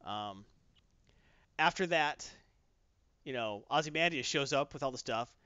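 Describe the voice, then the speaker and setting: A man in casual chat, animatedly retelling a comic plot and slipping into quick character voices. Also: mid-range voice, expressive, bright, forceful tone, smooth, dry recording, highs cut off.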